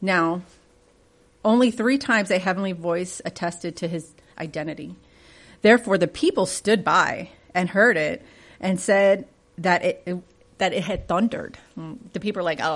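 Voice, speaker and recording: A woman's voice: fairly low pitch, moderate pace. Woman, church Bible study teacher, conversational, reads scripture aloud, asks the group questions.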